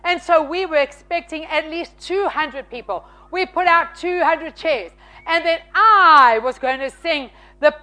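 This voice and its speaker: A woman preaching a sermon, from South Africa, telling stories in an animated, emphatic way. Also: high voice. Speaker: pastor's wife and church leader.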